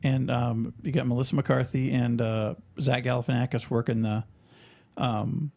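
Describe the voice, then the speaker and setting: A man in loose podcast banter who rambles, stumbles over restarts and swears freely. His voice sits at an ordinary middle pitch, recorded in a studio setting. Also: flat delivery, normal speed, gravelly, dark tone. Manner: rambling, stammering restarts, profane. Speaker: podcast co-host and author. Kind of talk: casual banter.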